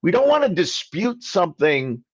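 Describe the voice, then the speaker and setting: A man hosts a live question-and-answer session as a credit coach, talking emphatically, and he acts out both sides of phone calls. His voice sits a bit high and swings widely in pitch. The recording is dull and lo-fi, with a dry sound and no room echo. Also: big pitch swings, moderate pace, husky. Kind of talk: livestream Q&A talk.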